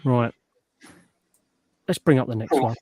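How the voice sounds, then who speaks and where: A man, hosting a casual live chat stream in a matey, relaxed way. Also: mid-range voice, unhurried, husky. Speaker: livestream host.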